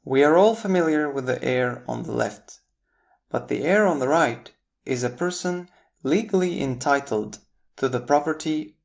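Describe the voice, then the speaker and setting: American man teaching English word pairs. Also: dull audio. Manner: clear, deliberate explanation with spelled-out words; upbeat jumps in pitch at each new word pair. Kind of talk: scripted lesson narration.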